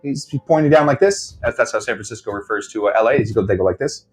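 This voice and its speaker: A man teaches a live online cocktail class, telling bar history in a loose, joking ramble. His pitch leaps around a lot, and he drops into mock voices for quotes. Faint music sits under his voice. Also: animated, quick pace, darkish tone. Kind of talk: casual live-stream storytelling lesson.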